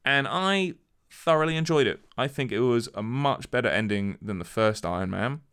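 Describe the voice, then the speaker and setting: A man casually recapping a film, acting out the characters' lines with animated energy. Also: mid-range voice, normal speed, smooth. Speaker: podcast co-host recapping a film. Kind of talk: casual chat.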